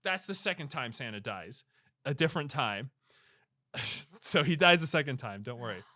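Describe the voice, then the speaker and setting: A man's voice: mid-range voice, dry recording, clean studio sound. Young man animatedly recapping a movie. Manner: animated storytelling, swearing, acting out characters in quick impressions. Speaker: podcast co-host. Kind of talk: casual comedic movie recap.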